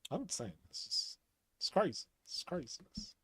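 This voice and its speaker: A man's voice: sits high, big pitch swings, normal speed, sharp tone, breathy edge, dry recording. A man talking casually as a streamer, rambling, repeating himself and laughing often. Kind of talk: casual monologue.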